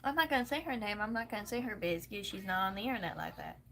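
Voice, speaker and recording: A woman's voice: medium pitch, fast talker, bright, forceful tone. A woman with a Southern US accent venting angrily and bluntly to camera, swearing freely. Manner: profane, heated, blunt. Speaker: vlogger. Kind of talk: angry venting rant.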